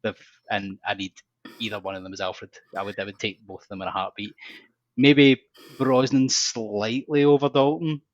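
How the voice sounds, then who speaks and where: A low-voiced man chats as a podcast guest, blunt and jokey. His voice comes through a dull, dry, lo-fi mic. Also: steady tone, normal speed, no echo. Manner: blunt, jokey, short interjections. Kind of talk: casual chat.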